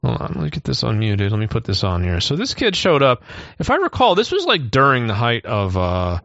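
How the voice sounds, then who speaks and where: Lively male podcast host, casual. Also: mid-range voice, brisk, no room sound, muffled recording. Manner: animated, joking. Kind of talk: casual chat.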